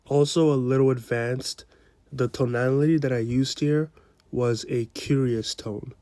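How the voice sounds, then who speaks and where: A man explaining a door-to-door sales pitch step by step, in a coaching tone, marking each step with a quick "boom.". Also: steady tone, mellow. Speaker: sales trainer. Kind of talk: instructional breakdown of a sales pitch.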